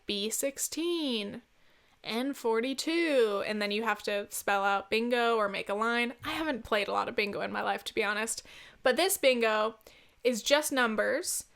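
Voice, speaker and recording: Chatty woman podcaster, slightly high voice. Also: a bit bright, clean tone. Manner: chatty, laughing, casual swearing. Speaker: podcast host. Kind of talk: casual solo podcast storytelling.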